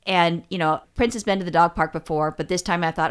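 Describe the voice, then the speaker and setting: A woman with a fairly low voice tells her stories bluntly, swearing freely and restarting her sentences. Her talk is loose, casual chat. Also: fairly even intonation, a little fast, smooth. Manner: profane, blunt storyteller with many restarts. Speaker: podcast co-host.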